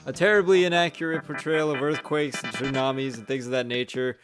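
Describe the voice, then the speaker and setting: A man's voice: mid-range voice, fairly even intonation, fairly quick, over music. Sarcastic young man reviewing a film. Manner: sarcastic, blunt, swears casually. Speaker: movie reviewer. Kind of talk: casual review voice-over.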